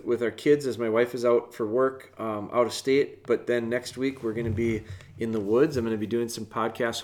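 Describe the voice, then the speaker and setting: A man hosting a casual podcast from home, talking earnestly and rambling with restarts, often dropping to a soft, quiet voice. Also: lowish voice. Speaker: podcast host, dog trainer. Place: home, with dogs in the room.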